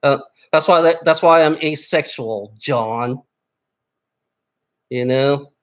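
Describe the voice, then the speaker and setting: Slightly high-voiced man ranting and swearing at his chat, tripping over his words. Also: slow pace. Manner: angry, profane, repetitive, stammering restarts. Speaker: livestreamer. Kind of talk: casual live stream rant.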